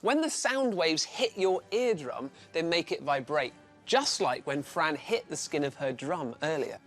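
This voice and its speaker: A man's voice: fairly high pitch, very animated, unhurried, fairly bright tone. A man presenting a children's science lesson, explaining enthusiastically step by step. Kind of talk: scripted science lesson for kids. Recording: music playing behind the voice.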